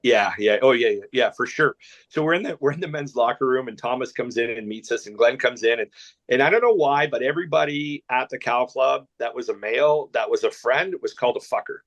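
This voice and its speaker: A man from Canada, a guest telling a long anecdote, rambling and animated, with lots of restarts. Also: mid-range voice, fairly quick. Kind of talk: storytelling anecdote.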